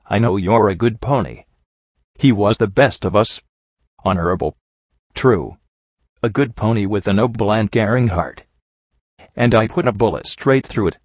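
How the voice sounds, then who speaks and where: A man's voice: fairly low pitch, moderate pace, pauses often, no room sound, dull audio. A man narrating a dramatic first-person story in an earnest, emotional reading.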